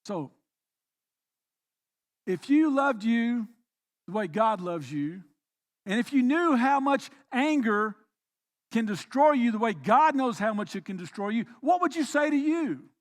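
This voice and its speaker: A man pastor preaching a sermon, swinging between quiet reflective passages and emphatic, raised exhortations. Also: very high-pitched, animated, a little slow, long pauses. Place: church.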